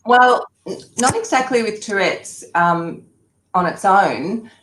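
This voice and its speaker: A woman's voice: mid-range voice, lively intonation, takes it slowly, fairly bright tone, reverberant, a little hiss or hum. An Australian woman, a speech pathologist and comedian, chatting as a guest and joking with laughs between her remarks over a video call. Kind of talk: casual chat.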